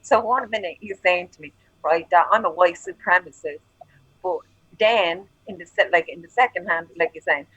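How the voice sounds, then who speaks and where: A woman's voice: lowish voice, normal speed, a bit bright, breathy edge, no room sound, rough recording. A woman co-hosting a livestream panel, telling a heated story in a profane, angry rant over earphones on a call. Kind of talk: casual chat, heated storytelling.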